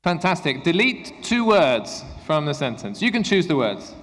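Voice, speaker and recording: A man's voice: a little high, big pitch swings, fairly bright tone. Upbeat man leading a teacher workshop. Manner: upbeat, encouraging, gives quick instructions. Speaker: workshop presenter for English teachers. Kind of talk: interactive teacher-training workshop. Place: conference room at a university. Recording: echoey hall with long reverb.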